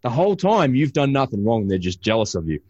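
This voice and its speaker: Lively storytelling man, dry lo-fi sound. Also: mid-range voice, a little fast, slightly rough, no echo. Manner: animated storyteller with many restarts. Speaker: podcast host and father. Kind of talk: casual podcast chat.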